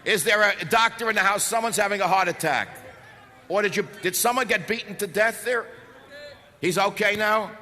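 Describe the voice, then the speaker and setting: A talk radio host giving an impassioned, sarcastic political speech to a live audience, shouting at times. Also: male voice, sits high, moderate pace. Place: large hall before a live audience. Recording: echoey hall with faint background noise.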